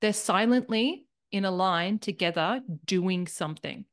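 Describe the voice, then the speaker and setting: A woman's voice: medium pitch, measured pace. A woman guest on a podcast, explaining her views in a reflective, earnest way. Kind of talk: casual podcast conversation.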